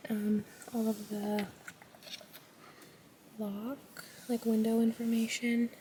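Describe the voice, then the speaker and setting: A young woman giving a soft-spoken ASMR car tour, chatty and full of fillers, often sliding into a whisper and a bit out of breath. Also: a little high, level tone, slow, far from the mic, a little hiss or hum, rough recording. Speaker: ASMR vlogger. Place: inside a parked car.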